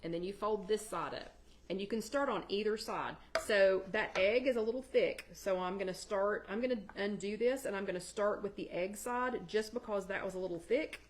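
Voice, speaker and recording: A woman's voice: mid-range voice, moderate pace, a little hiss or hum. A woman hosting a live chat, casually walking viewers through a recipe and answering their comments by name from her home kitchen. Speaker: host of a live weight-loss chat. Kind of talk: casual cooking demo on a livestream.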